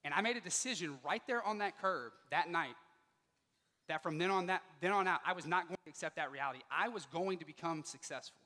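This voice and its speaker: A man giving a motivational speech to students, telling a personal story with lively delivery and acting out the dialogue. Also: a little high, fairly quick, big-room sound. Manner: animated, acts out quoted dialogue. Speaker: motivational speaker. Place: school auditorium.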